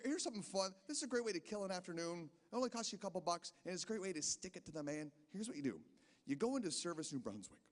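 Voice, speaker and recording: A man doing a rambling stand-up set in a casino, stammering through restarts. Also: on the high side. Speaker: stand-up comedian. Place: casino stage. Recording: long hall reverb from a live venue.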